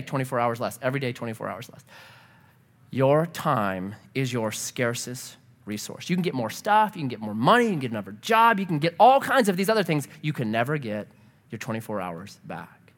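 A middle-aged male pastor preaching with a high, bright voice that swoops all over as he tells stories. He's humorous and animated, turning quiet and earnest for the serious points. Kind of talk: sermon.

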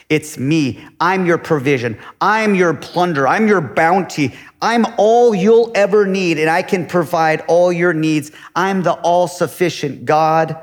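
A man preaching a sermon as a pastor, asking the congregation rhetorical questions and swinging between loud emphasis and quiet asides. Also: fairly high pitch, unhurried, hardly any pauses, big-room sound.

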